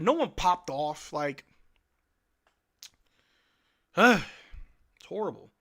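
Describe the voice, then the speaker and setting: A man's voice: on the high side, lively intonation, slow, pauses often, fairly bright tone. A male live-stream host giving casual fan play-by-play commentary in a blunt, exasperated, slangy way.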